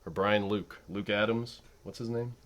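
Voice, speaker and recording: A man's voice: on the low side, steady tone, moderate pace, a bit bright. A man hosting a comedy show, bantering playfully and mock-solemn.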